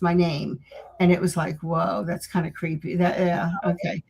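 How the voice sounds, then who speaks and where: A middle-aged woman co-hosting a paranormal talk show, telling a story in a casual, animated way and laughing often. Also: on the low side, moderate pace, gravelly, slight background noise, rough recording. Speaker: podcast co-host.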